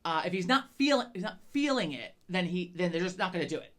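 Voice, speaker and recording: Woman co-host rambling and swearing a lot, lowish voice, stammers here and there. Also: animated, fast. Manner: profane, rambling, frequent stammers. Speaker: podcast co-host. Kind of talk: casual chat.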